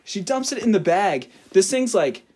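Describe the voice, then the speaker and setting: Animated young man, somewhat high. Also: moderate pace, slightly rough. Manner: animated, laughs through his story, swears freely. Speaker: podcast co-host. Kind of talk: casual storytelling.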